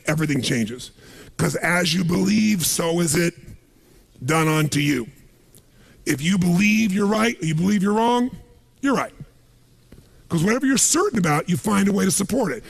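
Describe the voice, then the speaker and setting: A man with a gravelly, husky voice addresses a live seminar audience. He sits fairly high for a man and talks in punchy, emphatic bursts, throwing questions at the crowd. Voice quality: raspy, gravelly. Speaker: motivational speaker.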